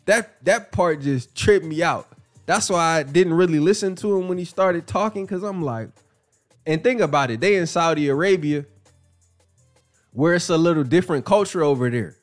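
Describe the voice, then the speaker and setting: Profane, animated male podcast host. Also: a little high, normal speed, faint music behind. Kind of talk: casual commentary.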